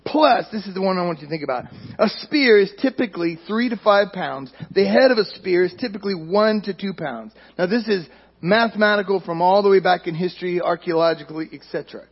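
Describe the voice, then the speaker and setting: A man's voice: sits high, animated, a little fast, husky, dull audio. A man preaching a sermon in a conversational way, putting questions to his congregation. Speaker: pastor.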